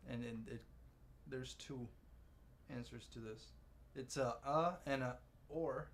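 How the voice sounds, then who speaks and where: A man's voice: mid-range voice, slow pace, slight background noise. A man on a podcast asking trivia questions in casual chat. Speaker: trivia quizmaster.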